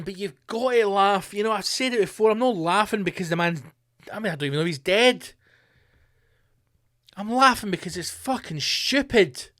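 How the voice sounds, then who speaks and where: A man's voice: high voice, bright, forceful tone. A man hosting a podcast, delivering a profane, mocking comedic rant. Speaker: podcast host.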